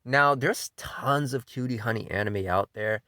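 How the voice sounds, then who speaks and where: A man casually hosting an anime countdown, talking in a loose, enthusiastic way, swearing freely and filling pauses with um and you know. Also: medium pitch, bright, forceful tone, no room sound, clean studio sound. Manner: laid-back and enthusiastic, with frequent swearing; loose delivery full of fillers like um and you know. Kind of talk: casual spoken countdown commentary.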